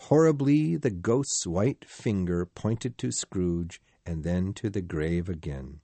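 A man reading a storybook aloud in a slow, measured, expressive way. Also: fairly low pitch, dry recording. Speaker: narrator.

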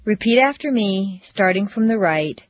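A woman leading a scripted pronunciation drill, speaking with slow, careful, deliberate enunciation. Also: mid-range voice, lively intonation, no echo. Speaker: language teacher. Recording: dull lo-fi audio.

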